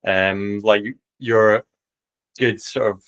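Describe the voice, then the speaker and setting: A man in his forties from Edinburgh with a Scottish accent, talking in a relaxed, friendly way as a podcast guest, with fillers and repeats. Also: lowish voice, very slow, lo-fi sound. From Scotland, Edinburgh. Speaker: tennis coach, podcast guest. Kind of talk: casual interview chat.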